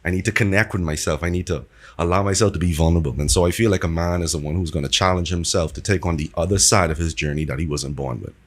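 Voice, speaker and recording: A man speaking as a podcast guest in a measured, reflective way. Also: sits low. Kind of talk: casual podcast conversation.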